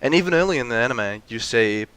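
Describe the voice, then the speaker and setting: Young male vlogger, crisp bright tone, rambly rant with fillers. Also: mid-range voice, animated, fast talker, no room sound. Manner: rambling with frequent restarts and fillers; acts out mocking quotes of characters. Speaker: video essayist. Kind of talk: ranty casual monologue.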